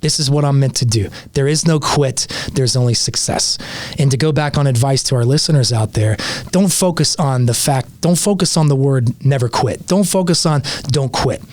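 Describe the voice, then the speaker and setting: A man's voice: mid-range voice, normal speed, a little mellow. A man telling a vivid story as a podcast guest, speaking earnestly in a casual interview.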